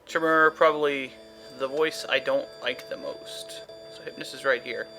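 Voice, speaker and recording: A man's voice: mid-range voice, moderate pace, vocal fry, sharp tone, soft background music, rough recording. A man giving casual, rambling gameplay commentary full of fillers and wry asides. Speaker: let's play commentator.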